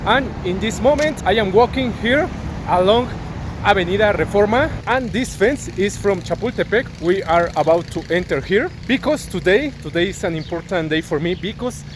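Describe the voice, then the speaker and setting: An earnest Mexican travel vlogger, a native Spanish speaker, talks in learner's English with a Mexican Spanish accent while walking through a city park and along a busy avenue. His voice is high-pitched with lively intonation at normal speed, and he searches for words and restarts. He's recorded first on a smartphone mic with light street noise, then on a clip-on wireless mic.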